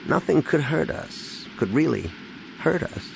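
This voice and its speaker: A man doing a grieving starship captain, quiet, breaking. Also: lowish voice, expressive, measured pace, creaky, slight background noise, low-quality recording. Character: grieving middle-aged male starship captain.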